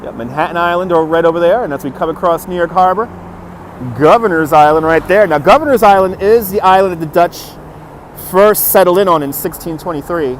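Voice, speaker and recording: Speaking fairly quickly in a high-sitting voice, this livestream host walks a city street outdoors, chuckling cheerfully and calling out viewers by name. His phone rides on a handheld gimbal, and city traffic hums faintly behind him.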